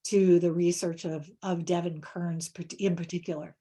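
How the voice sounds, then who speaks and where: A woman presenting on reading instruction in a webinar, answering questions in a halting way with many pauses and word examples. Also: fairly low pitch, fairly even intonation, mellow. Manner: halting, many fillers and restarts.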